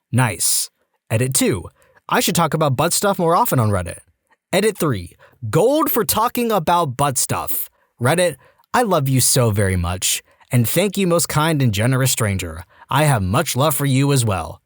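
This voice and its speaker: A man reading reddit stories aloud in an even, steady voice. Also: medium pitch, no room sound, clean studio sound. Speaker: reddit story narrator.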